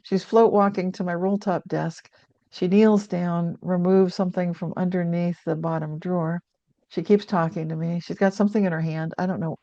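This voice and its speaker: Older woman, dark lo-fi voice. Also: fairly low pitch, fairly even intonation, moderate pace, no echo. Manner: earnest, reflective, with frequent restarts. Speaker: guest author. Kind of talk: conversational storytelling. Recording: dull lo-fi sound.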